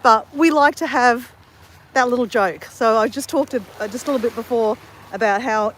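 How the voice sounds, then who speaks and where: A woman's voice: on the high side, moderate pace, slight background noise. Chatty Australian woman on a beach. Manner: chatty, rambling, self-correcting. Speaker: livestream vlogger. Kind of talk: casual live chat to viewers. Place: outdoors on a beach.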